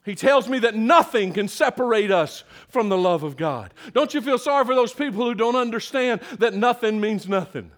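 An older man preaching a sermon in a folksy, emphatic way that builds to loud peaks. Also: high voice, animated, normal speed, hardly any pauses.

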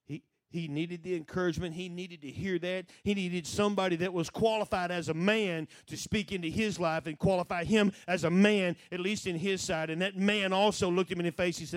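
A middle-aged man preaching, telling a story with lively acted-out voices. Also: high voice, fairly quick, hardly any pauses, no echo. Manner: animated storyteller who acts out quoted voices. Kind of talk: sermon storytelling.

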